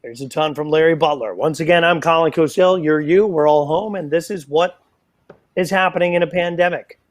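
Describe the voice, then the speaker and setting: Excitable male darts commentator, slightly high voice. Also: fairly quick. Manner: excitable, playful, self-mocking asides. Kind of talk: live sports play-by-play commentary.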